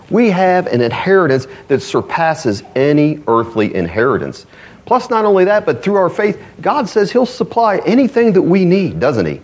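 A man's voice: a little high, very animated, moderate pace, darkish tone. A man preaching a sermon in a folksy way, laughing and asking rhetorical questions. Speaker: pastor. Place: church.

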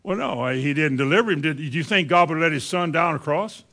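A man's voice: fairly high pitch, animated, fast talker, bright, forceful tone. A man in his seventies preaching a conversational sermon, full of rhetorical questions and wide swings in delivery. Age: 70s.

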